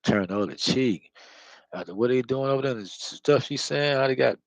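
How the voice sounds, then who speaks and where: A man's voice: mid-range voice, lively intonation, a little fast, dry recording, low-quality recording. A man talking in a loose, slangy, profane monologue full of fillers, close to the mic. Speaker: spiritual vlogger. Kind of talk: casual rambling monologue.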